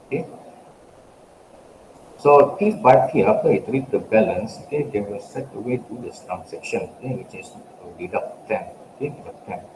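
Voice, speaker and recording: A man giving a recorded lecture, stepping through a worked example and checking in with "okay" after nearly every phrase. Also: fairly low pitch. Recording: echoey room with steady background noise.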